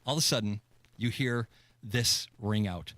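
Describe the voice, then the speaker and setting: A man co-hosting a radio show, telling a story in casual banter and breaking into shrill yelled impressions. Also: a little slow, no echo. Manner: animated storyteller, shrill mimicked yells. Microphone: studio microphone.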